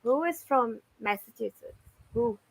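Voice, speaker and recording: A woman hosting a casual group chat, talking in an animated way, laughing often and swearing freely. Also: a little high, a little slow, vocal fry, a loud crowd, rough recording. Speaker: host.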